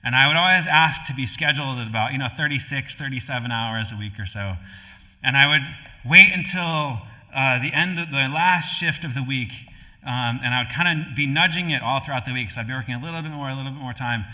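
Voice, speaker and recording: A male pastor from Connecticut tells a sermon like a casual story, full of ums and restarts. His voice is bright and forceful at a middle pitch. It is recorded in a church sanctuary, with a long reverb trailing each phrase. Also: brisk. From Connecticut, USA. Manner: relaxed, conversational, with frequent fillers and restarts. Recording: live-streamed hall with long reverb.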